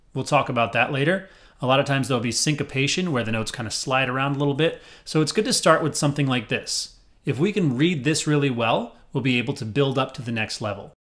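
Male music teacher, mid-range voice, patient and clear, counts in and chants rhythm syllables. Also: medium pitch, a bit bright. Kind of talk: rhythm reading lesson.

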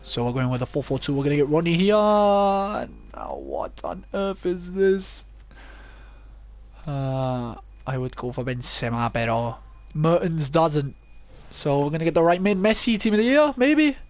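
Young guy chatting over a game, kinda high voice, dry close sound. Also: a little fast, no echo. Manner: chatty, thinks aloud, self-mocking. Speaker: gaming YouTuber. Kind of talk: casual gameplay commentary.

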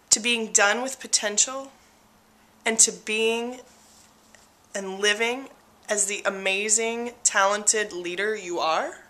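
A young woman talks straight to the viewer in a motivational video, her voice bright and forward even through a stuffy nose. She is candid and emphatic in a coaching way, pressing her point with conviction. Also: medium pitch. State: stuffy-nosed. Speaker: host.

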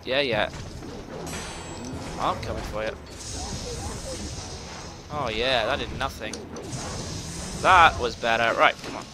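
A man giving profane, excitable gameplay commentary, talking to himself as he plays, with game music behind. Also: medium pitch, slow, long pauses. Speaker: gamer playing a video game.

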